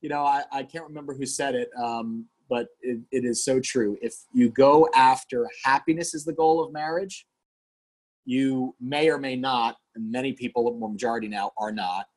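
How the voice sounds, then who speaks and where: A man in his forties, a pastor and podcast guest, telling personal stories in an earnest, animated, candid way. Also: mid-range voice, normal speed, slightly rough. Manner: earnest, animated, acts out quoted dialogue. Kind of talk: candid conversational storytelling.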